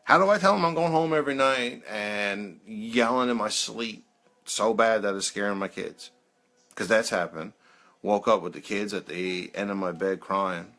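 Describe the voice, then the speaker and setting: A man's voice: lowish voice, normal speed, sharp tone. A man in his thirties hosting a peer support live chat, telling rambling personal stories with frequent laughs and lots of "man". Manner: rambling, laughs often, says "man" a lot. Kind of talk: casual storytelling on a live video.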